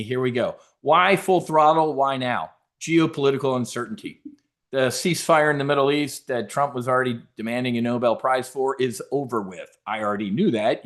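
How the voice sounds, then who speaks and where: A man hosting a trading seminar in a brash, casual way, cracking jokes, swearing, and stumbling over restarts as he talks. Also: medium pitch. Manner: brash, animated, swearing, jokey asides. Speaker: options trading host.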